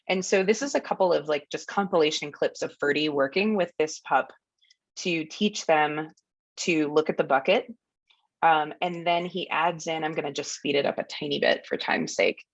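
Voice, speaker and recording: Casting: relaxed woman workshop presenter, slightly low voice, dull lo-fi webinar audio. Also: moderate pace, no room sound. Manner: friendly, explanatory, narrates clips with ums and laughs. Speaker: dog trainer presenting a workshop. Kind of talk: educational webinar talk over video clips.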